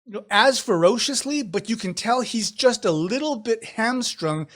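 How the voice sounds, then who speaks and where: A man narrating a tabletop role-playing game as game master, animated and laughing often as he describes the action. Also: high voice, normal speed.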